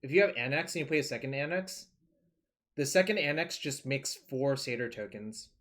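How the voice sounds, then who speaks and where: Male streamer, casual running talk over a card game, mid pitch, curses freely. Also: normal speed, a bit bright. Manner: loose and chatty, swears, thinks aloud. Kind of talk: casual live-stream commentary.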